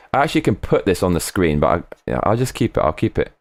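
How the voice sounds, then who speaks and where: A man's voice: deep voice, big pitch swings, fast, dry recording, clean studio sound. A man on a casual live stream, rambling between topics, swearing freely and reading viewer comments aloud.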